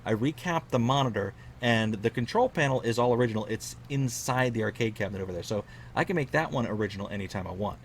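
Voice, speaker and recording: A man talks to his viewers in a relaxed, chatty way. He sounds tired and a little hoarse, and his voice sits at an ordinary middle pitch. A faint hiss of background noise runs behind him. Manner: chatty, unhurried, repeats figures for emphasis. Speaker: collector vlogger. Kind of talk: casual storytelling to camera.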